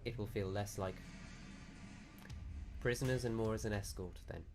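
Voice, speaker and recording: A man voicing a courteous male legion officer, who speaks in a polite, measured way. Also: on the low side, fairly even intonation, over music, lightly acted.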